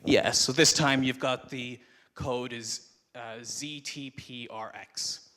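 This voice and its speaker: A man's voice: medium pitch, steady tone, slow pace, bright, forceful tone. A man giving a live presentation to an audience at a conference, speaking into a microphone in a conversational, explanatory way. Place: conference room before an audience.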